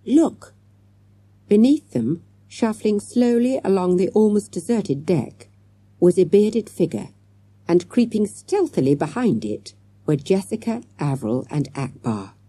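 A woman reads a children's storybook aloud with lively, expressive pitch. Her voice is low, mellow and husky, recorded close and dry. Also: a little slow, no echo. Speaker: audiobook narrator.

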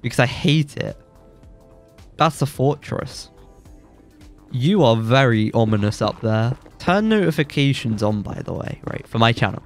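A young man with a blocked nose, giving excitable, joking commentary while playing a game and yelping when surprised. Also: mid-range voice, unhurried, soft background music. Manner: excitable, jokey boasting, yelps when surprised. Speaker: gaming YouTuber. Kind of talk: let's play commentary.

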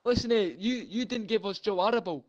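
A man's voice: high-pitched, brisk, dull audio. A man, a stranger in game voice chat, swearing and hurling insults. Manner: aggressive, swearing, shouting insults.

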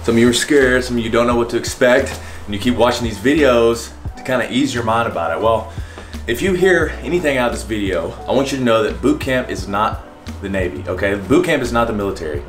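A young man and Navy sailor talking casually to camera, telling stories with animated energy and speaking directly to viewers. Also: mid-range voice, fairly quick, soft background music. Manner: animated, acts out shouted commands mid-story; talks straight to viewers with repeated "okay?".

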